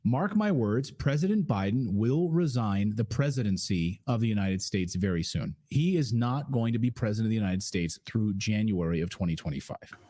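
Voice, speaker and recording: A man's voice: on the low side, lively intonation, moderate pace, hardly any pauses, dark tone. A man hosting a casual political commentary stream, rambling, with frequent fillers and restarts.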